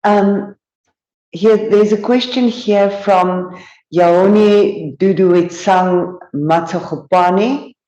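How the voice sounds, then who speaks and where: A woman moderating a seminar conversation, reading out audience questions at an unhurried pace. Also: mid-range voice, mellow, very echoey, highs cut off.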